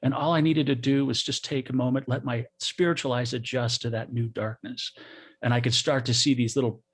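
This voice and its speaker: Middle-aged man, raspy, personal storytelling, soft halting delivery. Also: mid-range voice, steady tone. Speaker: guest.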